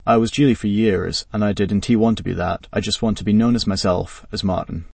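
A man's voice: fairly low pitch, steady tone, fairly quick, creaky, darkish tone, husky, dry recording, far from the mic. A man voicing a frustrated young male comrade who pleads and snaps in anger. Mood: bitter. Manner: pleading, then spitting anger.

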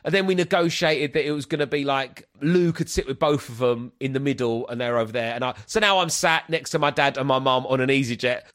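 A comedian and podcast host tells a story in a casual chat, animated and acting out the voices. His mid-range voice is brisk, with few pauses.

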